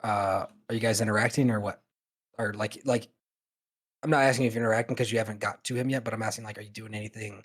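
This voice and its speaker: A man's voice: lowish voice, fairly even intonation, quick pace, a bit bright, breathy edge. A man narrating a tabletop game as game master, in a loose style full of fillers.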